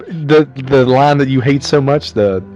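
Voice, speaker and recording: A man's voice: medium pitch, a little mellow. Male co-host summarizing the movie, casual and profane, slightly dull recording. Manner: joking, swearing, summarizing plot. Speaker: podcast co-host. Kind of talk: casual chat.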